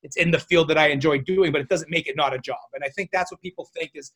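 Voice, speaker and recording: A man guesting on a podcast, talking in a chatty, animated way and swearing casually. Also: a little high, fast talker. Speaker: guest, self-defense instructor.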